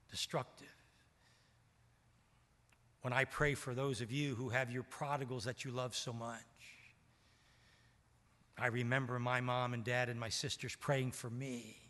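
A man's voice: medium pitch, sharp tone. A man in his seventies, a pastor from Maryland, preaching a sermon and telling stories that act out the dialogue. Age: 70s. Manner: storytelling, acts out quoted dialogue. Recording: long church hall reverb.

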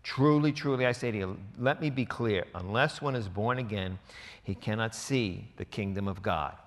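A man's voice: fairly low pitch, moderate pace. Emphatic male pastor in a reverberant hall. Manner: emphatic, conversational preaching with quoted asides. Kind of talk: sermon.

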